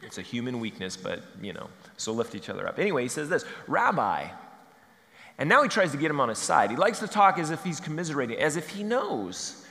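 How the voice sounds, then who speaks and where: A man's voice: on the high side, big pitch swings, quick pace, creaky, pushed and bright. A man preaching a conversational sermon, playful and humorous, acting out bits of dialogue. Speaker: pastor. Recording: long reverb of a large hall.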